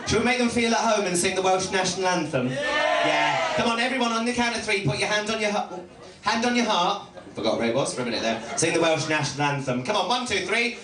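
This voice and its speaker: A man's voice: high voice, animated, fast. A man doing bawdy stand-up as a drag comedian in a live club, crude and brash with the crowd. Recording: live club recording with loud crowd and echo.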